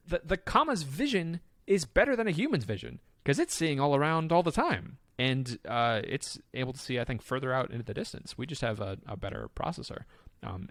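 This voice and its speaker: Man, podcast co-host, casual chat, animated swings in pitch, gravelly edge, dry close sound. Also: no room sound. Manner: animated, excitable storyteller with frequent fillers.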